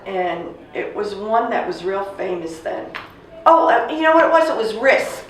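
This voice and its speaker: A woman in her sixties casually telling a family story, animated and acting out the voices of the people she quotes. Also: mid-range voice, normal speed. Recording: echoey room, distant mic, faint noise.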